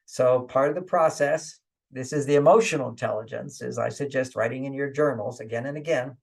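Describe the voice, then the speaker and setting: Gravelly-voiced man giving relationship advice. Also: medium pitch, a little fast. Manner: chuckles often, repeats points and says 'okay'; acts out inner voices in quotes. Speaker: guest relationship author. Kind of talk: conversational advice in an interview.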